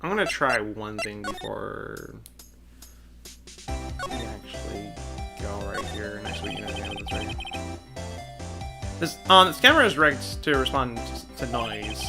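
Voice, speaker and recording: Woman streamer, low voice, lively swings, casual let's-play chatter over game music. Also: a little slow, creaky, pauses often. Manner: chatty, playful, trails off while thinking. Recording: game music playing behind.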